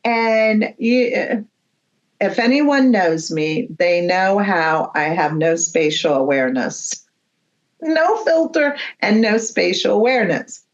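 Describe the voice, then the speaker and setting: A woman's voice: mid-range voice, slow, dull audio. A woman appearing as a guest medium, telling anecdotes in casual chat and acting out the dialogue as she goes. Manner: animated anecdotes, acts out dialogue.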